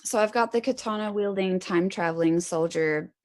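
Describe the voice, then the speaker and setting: A woman's voice: medium pitch, moderate pace, a little mellow. A woman chatting casually and rambling, swearing freely and laughing as she talks. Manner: rambling, profane, laughs often.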